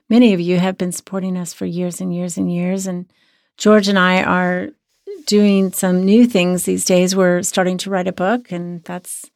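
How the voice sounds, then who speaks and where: A hoarse woman co-hosting a podcast as a sex therapist, talking in an earnest, reflective way. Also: lowish voice, darkish tone, no room sound, clean studio sound. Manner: earnest, reflective, many restarts. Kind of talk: casual podcast chat.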